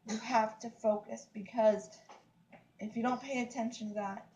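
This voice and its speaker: Lady in her 30s venting on her vlog, kinda high voice, keeps saying like seriously. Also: steady tone, moderate pace, darkish tone, slight background noise, poor audio. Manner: emphatic, repetitive, fillers like "like, seriously". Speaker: vlogger. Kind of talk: upset casual rant to camera.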